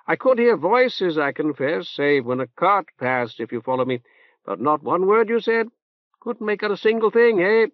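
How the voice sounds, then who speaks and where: A man's voice: high voice, sing-song, normal speed, pitched above the performer's own voice. A man putting on a nasal, pompous old cleric. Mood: unctuous. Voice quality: nasal, reverberant. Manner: fussy, hesitant with ums, drawn out. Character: pompous older male cleric, nasal and reverberant. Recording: dull dry tape transfer.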